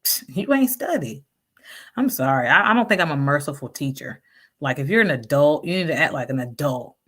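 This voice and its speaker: A woman talks through viewer comments in a loose, casual chat. Her voice sits low, and her manner is frank and sassy, full of slang and quick laughs. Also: expressive, a bit bright. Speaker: vlogger reading viewer comments.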